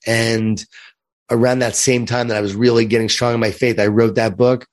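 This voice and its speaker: A man from Long Island with a light New York accent, a guest in an interview who speaks in an earnest, upbeat way and repeats words while he thinks. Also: mid-range voice. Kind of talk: interview conversation.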